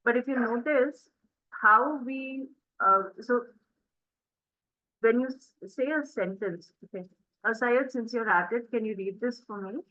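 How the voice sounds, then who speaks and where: A woman's voice: fairly high pitch, measured pace, bright, forceful tone. Woman teaching english on a call, chatty and encouraging, kinda muffled sound. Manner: encouraging, explanatory, many fillers. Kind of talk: interactive online class.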